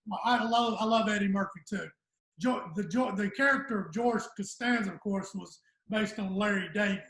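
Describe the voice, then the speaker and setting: Older guy, gravelly and high, rambling stories, echoey room. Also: moderate pace, fairly bright tone. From Southern United States. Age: 60s. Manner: rambling storyteller, trails off. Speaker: guest comedian. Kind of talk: casual podcast chat.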